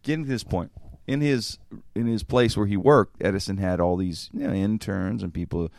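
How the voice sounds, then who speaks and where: A man's voice: fairly low pitch, normal speed, creaky, darkish tone, no room sound, studio quality. A man hosting a podcast, telling a long story in casual, profane chat and acting out the quotes. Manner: rambling, profane, acts out quotes. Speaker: podcast host.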